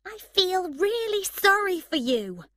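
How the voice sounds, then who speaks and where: A woman reading aloud and voicing a proud, sharp-tongued young woman, lifting her voice high and emphatic. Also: big pitch swings, unhurried, no echo, studio quality. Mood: angry.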